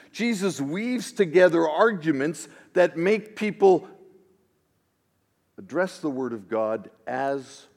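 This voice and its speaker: A man, a pastor, preaching a sermon in an expressive style that swings between hushed asides and emphatic declarations. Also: high voice. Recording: long reverb of a large hall.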